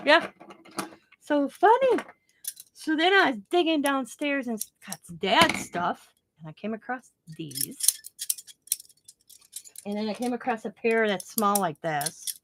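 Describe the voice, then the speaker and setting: A woman's voice: a little high, animated, slow pace, pauses often, noisy background. A woman hosting a craft vlog, chatty and often laughing as she tells a story. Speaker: craft channel host. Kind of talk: casual craft vlog chat.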